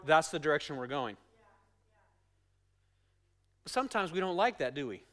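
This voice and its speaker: Male pastor, middle-aged, high-pitched, animated sermon delivery. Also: moderate pace, long pauses. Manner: animated storytelling, emphatic preaching.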